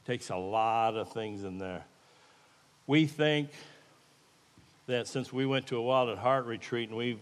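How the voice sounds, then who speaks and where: A middle-pitched man preaches in a homespun, earnest way, talking straight to the room as he walks through a demonstration. His voice carries a long, echoing reverb from a large hall. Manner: folksy, earnest, plain-spoken. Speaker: lay preacher. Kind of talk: informal sermon with live demonstration.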